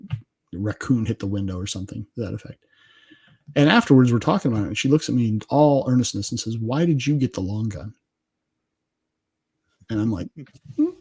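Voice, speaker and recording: Husky middle-aged man telling family stories. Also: fairly low pitch, mellow. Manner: laughing, anecdotal, self-deprecating. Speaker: podcast guest. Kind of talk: casual storytelling interview.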